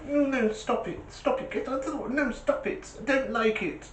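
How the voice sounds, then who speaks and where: A man doing a squeaky, timid car horn. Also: moderate pace. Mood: pleading. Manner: high squeaky pleading. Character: timid whiny male car hooter. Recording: roomy echo.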